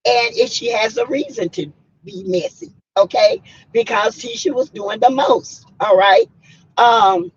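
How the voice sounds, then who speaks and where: Husky woman chatting on a livestream. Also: on the high side, very animated, measured pace, highs cut off. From South Carolina, US. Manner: chatty, greets viewers by name, frank opinions. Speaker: host of a reality-TV review livestream. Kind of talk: casual live-stream commentary.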